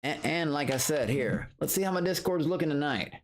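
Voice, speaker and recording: A man's voice: on the high side, lively intonation, brisk. A middle-aged man talking on a late-night livestream, blunt and profane, circling back over the same points as he rants. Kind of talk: casual late-night stream rant.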